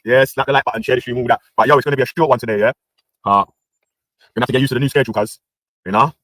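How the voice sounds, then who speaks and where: A man's voice: mid-range voice, very fast, a bit bright, no echo. A British man hosting a livestream, ranting in casual street slang with lots of banter. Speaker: livestream host.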